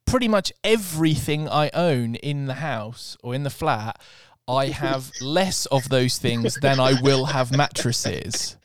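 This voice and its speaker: A man hosting a podcast, telling an animated, sweary story in casual chat. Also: mid-range voice, slow pace, few pauses, no echo. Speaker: podcast host.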